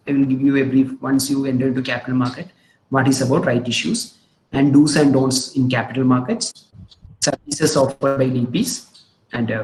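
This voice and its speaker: A man with an Indian English accent gives a webinar lecture over a video call. He talks haltingly, with many fillers and frequent "hmm?" check-ins to listeners. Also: medium pitch, echoey room, slight background noise, low-quality recording. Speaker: webinar presenter on investing. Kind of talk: online lecture with slides.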